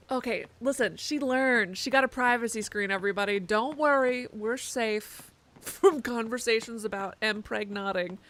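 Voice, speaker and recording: A woman's voice: fairly high pitch, normal speed, fairly bright tone. A woman streaming a game live, chatting and joking sarcastically while she plays. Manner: chatty, sarcastic, swears a lot. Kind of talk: live gameplay commentary.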